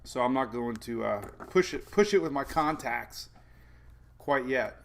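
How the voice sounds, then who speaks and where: A man's voice: medium pitch, lively intonation, unhurried, vocal fry, slight background noise. A man hosting a live weather stream from home, chatting casually in a rambling, jokey way. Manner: rambling, jokey, self-deprecating with frequent laughs. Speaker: weather show host.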